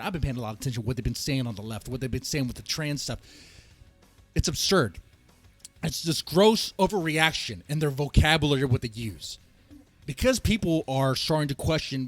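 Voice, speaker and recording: A man delivering a heated rant on a commentary show, in a fairly high voice that swoops up and down widely. He presses his points hard, repeats himself and at times breaks into a shout. Faint music plays behind him. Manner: heated and emphatic, rising to shouts, with repeats and restarts. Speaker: host of a reaction and rant channel. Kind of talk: ranting political commentary.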